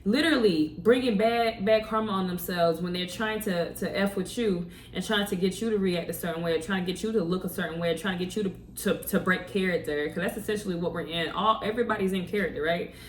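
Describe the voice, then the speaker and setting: Speaking fast with hardly any pauses, a woman with a voice on the low side tells a motivational story to camera. She's conversational and keeps firing rhetorical questions at viewers. The echoey, roomy recording places her far from the mic, with faint ambience and a little hiss or hum.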